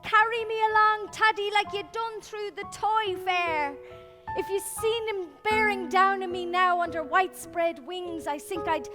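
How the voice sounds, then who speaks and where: A woman's voice: extremely high pitch, fairly even intonation, pitched above the performer's own voice. A woman reading the voice of a weary aging river-woman flowing out to the sea, in a lilting, incantatory way. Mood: wistful, sorrowful. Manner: lilting, incantatory, drawn-out phrasing. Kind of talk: literary reading over music. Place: public library event. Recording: live reading with clear music behind.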